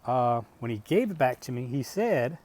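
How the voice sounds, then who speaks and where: A man's voice: medium pitch, animated, normal speed, a little mellow. A middle-aged man vlogging, telling stories in a blunt, profane, rambling way and asking rhetorical questions. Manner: conversational, asks rhetorical questions. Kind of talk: casual storytelling monologue.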